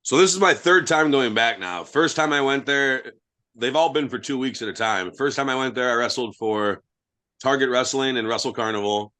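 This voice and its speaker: A man's voice: mid-range voice, normal speed, bright, forceful tone. A young man, a guest wrestler, telling blunt, profane stories in casual podcast chat.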